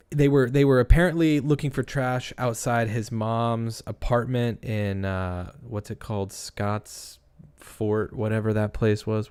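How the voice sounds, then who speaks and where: A man's voice: medium pitch, darkish tone, clear, resonant tone. A young man hosting a casual true-crime livestream, thinking aloud and rambling with restarts while reading chat. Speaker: livestream host.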